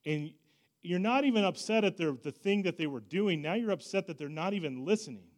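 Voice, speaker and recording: A man preaching a sermon as a pastor, swinging from loud emphasis to hushed asides in a conversational, self-deprecating way. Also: sits high, lively intonation, brisk.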